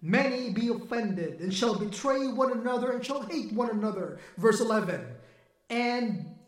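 A man delivers a sermon, pressing his points with emphatic, swelling force that nears a shout. His voice sits remarkably high for a man. The room around him rings with echo. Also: animated, normal speed. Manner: emphatic preaching, rising to near-shouting. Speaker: preacher.

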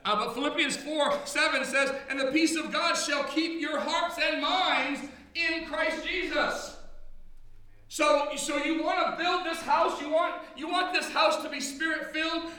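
A middle-aged man preaching a sermon in a loud, booming drill-instructor voice, heard in a church hall. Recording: echoey hall from far off.

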